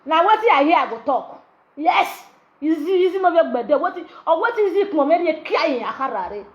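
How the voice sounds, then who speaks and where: A woman's voice: high voice, muffled recording. A woman with a Nigerian Pidgin accent hosting a gossip show, talking in a brash, mocking way and switching languages. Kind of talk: animated gossip commentary.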